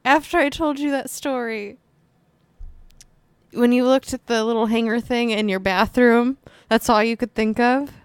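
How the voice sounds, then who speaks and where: A woman's voice: fairly high pitch, fairly even intonation, unhurried, smooth, no room sound. A woman co-hosting a casual podcast, telling stories in a playful, teasing way. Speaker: podcast co-host. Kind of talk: casual chat.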